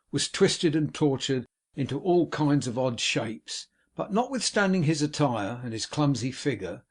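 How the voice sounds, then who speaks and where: A man narrating an audiobook in a measured, dramatic reading. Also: mid-range voice.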